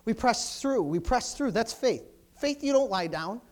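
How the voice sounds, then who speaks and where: A male pastor with a very high voice preaches with rising fervor. He climbs to loud, urgent bursts and then sinks back to a low, quiet delivery. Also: lively intonation, measured pace. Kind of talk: sermon.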